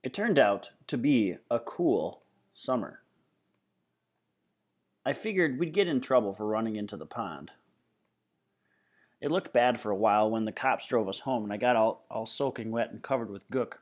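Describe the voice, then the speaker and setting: Low-voiced man reading a novel aloud. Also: expressive, normal speed, pauses often. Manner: casual first-person storytelling. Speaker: reader.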